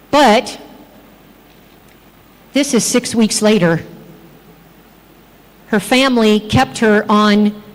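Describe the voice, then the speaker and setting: A woman giving a health presentation at a church, telling lively patient stories and pointing out details in photos. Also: fairly high pitch, big-room sound, rough recording. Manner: lively anecdotal storytelling, acting out patients' replies. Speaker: health speaker. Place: church hall.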